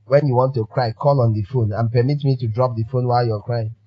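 A man's voice: medium pitch, steady tone, a little fast, breathy edge, muffled recording. A man preaching a sermon as pastor, emphatic and fond of repeating his phrases for effect.

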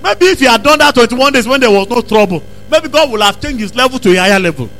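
A male preacher delivers a sermon in a strikingly high, bright voice. He drives points home by repeating lines and rising into shouts. The delivery is fervent and insistent. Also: expressive, fast talker, low-quality recording. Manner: emphatic preaching, repeats phrases, bursts into shouts. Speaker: pastor.

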